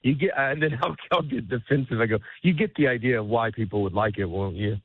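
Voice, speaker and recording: A man, a comedian guest, chats loosely in an interview, stopping and restarting his thoughts and laughing easily. The sound is thin and phone-like, with no room around it. His pitch sits in the middle range. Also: a little fast, slightly rough, dry recording. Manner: rambling, self-interrupting, laughs often. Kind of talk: casual interview chat. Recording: tinny phone-like line.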